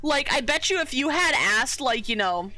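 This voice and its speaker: A woman's voice: sits high, lively intonation, normal speed, bright, forceful tone, no echo, soft background music. A woman streamer telling a story to her chat in a casual, rambling way, full of fillers and the odd swear. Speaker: art streamer.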